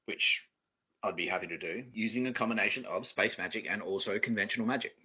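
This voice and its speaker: A man's voice: fairly low pitch, quick pace, breathy edge, lo-fi sound. Rambling, profane man. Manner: profane, rambling, laughs mid-sentence. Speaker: podcast host. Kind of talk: rambling comedic monologue.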